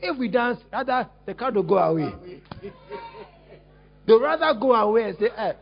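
A man preaching a lively sermon as a pastor, teasing and exclaiming at his congregation while acting out a scene. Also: very high-pitched, moderate pace, creaky. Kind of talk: lively sermon with acted-out demonstration. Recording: dull lo-fi recording.

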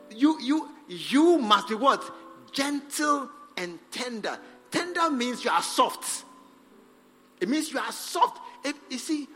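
A man preaching a sermon as pastor, acting out scenes with sudden shouts. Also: very high-pitched. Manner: animated, acts out scenes, shouts for effect. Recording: long hall reverb with faint music.

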